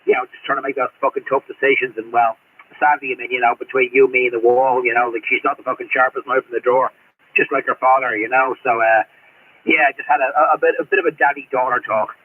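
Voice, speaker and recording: A middle-aged Australian man chats casually on CB radio, speaking fast in a medium-pitched voice with fairly even intonation. He's blunt and rambling, swearing constantly. The tinny radio transmission carries slight background noise.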